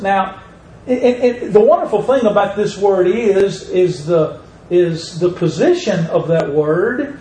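A man's voice: high-pitched, animated, dark tone, slight background noise. A man preaching a sermon in a church, stretching out words and leaning hard on key phrases. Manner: slow, emphatic preaching with drawn-out words and rising stresses. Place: church sanctuary. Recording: echoey room with faint ambience.

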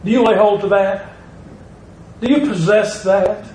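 Male preacher, measured and emphatic, faint room noise behind. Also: high voice, a little mellow. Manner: slow, emphatic preaching with drawn-out words and rising stresses. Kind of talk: sermon. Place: church sanctuary. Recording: echoey room with faint ambience.

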